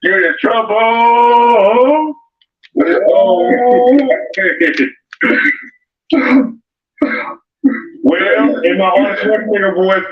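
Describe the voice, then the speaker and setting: A man hosting a casual livestream and reading chat aloud, laughing often and breaking into loud excited exclamations. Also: high voice, extremely slow, long pauses. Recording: echoey, distant, dull sound.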